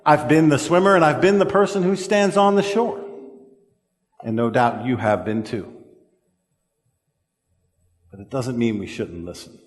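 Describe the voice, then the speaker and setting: A man preaching a sermon in a church. He talks earnestly and haltingly, with frequent fillers, and slows down to stress key words. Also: mid-range voice. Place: church sanctuary. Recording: echoey church hall.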